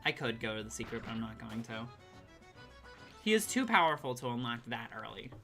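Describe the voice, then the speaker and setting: A woman streaming a game, chatting casually and excitedly with her chat and swearing now and then. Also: very deep voice, brisk, faint music behind. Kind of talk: casual live-stream chat while gaming.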